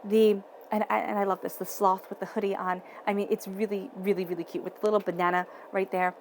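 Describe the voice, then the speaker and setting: This tarot reader talks quickly in a mid-range, level voice, with a little hiss or hum in the recording. She addresses the audience directly, stressing and repeating the main points of her reading.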